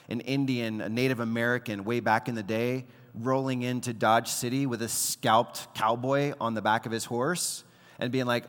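A man preaching a sermon in a relaxed, conversational way, acting out quoted lines as he goes. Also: medium pitch, long reverb tail. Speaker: pastor.

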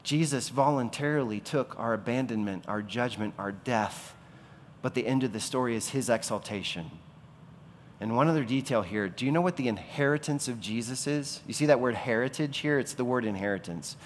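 A man's voice: medium pitch, moderate pace, a little hiss or hum. A man preaching a sermon as pastor, asking rhetorical questions and swelling to impassioned peaks. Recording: long reverb of a large hall.

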